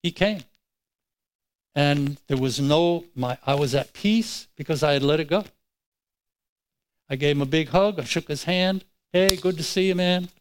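A man delivers a sermon as a personal story, his voice sitting a little high. He tells it in an animated way, acting out his own words as he goes. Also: measured pace, long pauses, low-quality recording. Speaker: pastor.

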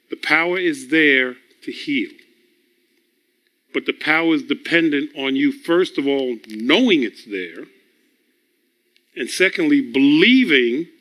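A man delivering a conversational sermon with a bright, forceful voice that sits a little high for a man. He teaches through personal stories, chuckles between thoughts and circles back over words as he gets his point out. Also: animated, unhurried, pauses often. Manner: chuckles often, repeats words as he builds a point; storytelling, teaching tone. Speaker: preacher.

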